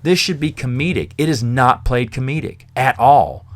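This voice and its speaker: A man's voice: mid-range voice, animated, moderate pace. A man hosting a podcast, casually reviewing a novel in a rambling, chatty way with fillers and the odd chuckle. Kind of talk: casual spoken book review.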